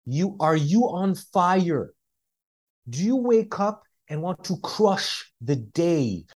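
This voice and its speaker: A man speaking as a life coach on a podcast, emphatic and repetitive, slowing down to stress his key points. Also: a little high, darkish tone. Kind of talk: motivational podcast talk.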